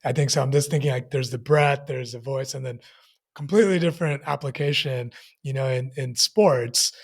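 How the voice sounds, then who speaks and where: A man's voice: mid-range voice, moderate pace, slightly rough. A man in a podcast conversation, talking thoughtfully and searching for his words as he goes.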